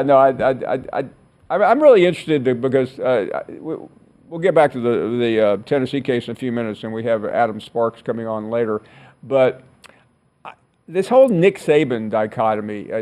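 A man hosting a sports talk radio show, halting and restarting often as he steers the conversation. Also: medium pitch, expressive, darkish tone.

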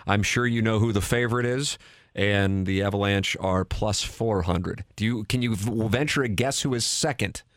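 A man's voice: lowish voice, normal speed, no room sound, studio quality. Upbeat male sports radio host. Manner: upbeat, laughs often, polite. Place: radio studio.

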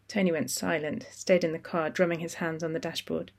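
Calm steady narrator reading a novel, middle pitch, measured. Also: vocal fry. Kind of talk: audiobook narration.

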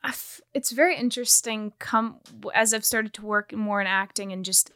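A woman's voice: mid-range voice, normal speed, bright, forceful tone, no echo. A young woman guest in a casual interview, chatty and full of "like" fillers. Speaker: guest actor.

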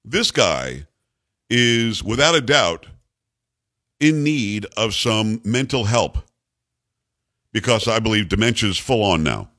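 Animated, sarcastic male radio host. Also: fairly low pitch, slow, long pauses. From United States. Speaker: radio talk show host. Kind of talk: opinionated talk radio chat.

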